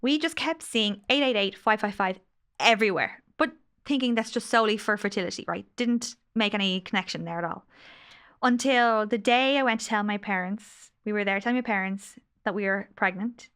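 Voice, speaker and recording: A woman's voice: mid-range voice, fairly quick, a bit bright, smooth. A woman in her late thirties, a podcast guest and angel healer, telling stories in an effusive, emotional way. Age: late 30s. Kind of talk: casual podcast conversation.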